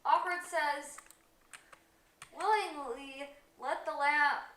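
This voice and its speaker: A woman's voice: high voice, slow pace, fairly bright tone. A young woman on a home livestream, telling a rambling story with many ums and reading out chat comments. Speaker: co-host of a livestream. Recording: echoey room.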